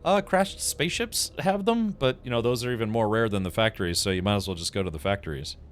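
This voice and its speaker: A man's voice: fairly low pitch, animated, quick pace, a little hiss or hum. A man streaming a video game, chatting casually and telling a rambling story with frequent laughs. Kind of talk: casual gaming stream chat.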